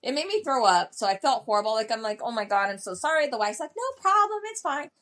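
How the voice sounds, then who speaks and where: A woman guest on a podcast, telling a story in a casual, animated way and acting out what other people said. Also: a little high, fast. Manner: animated, acts out quoted voices.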